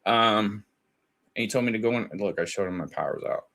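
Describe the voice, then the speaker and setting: A commentary channel host chats and laughs while retelling online drama, quoting both sides of a chat. His voice is lowish, brisk, and a bit bright.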